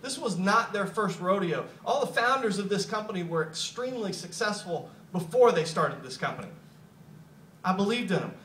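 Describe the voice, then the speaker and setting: Middle-aged man, motivational storyteller, high bright voice, echoey room, mic at a distance. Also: slight background noise. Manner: repeats words when starting sentences, chuckles often. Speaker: speaker at a business opportunity meeting.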